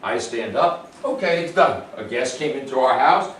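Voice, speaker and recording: A man working as a dog trainer, explaining calmly to the owners and giving a dog short, upbeat praise during a demonstration. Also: mid-range voice, moderate pace. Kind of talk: instructional demonstration. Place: indoors in a home. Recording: roomy, distant sound with faint noise.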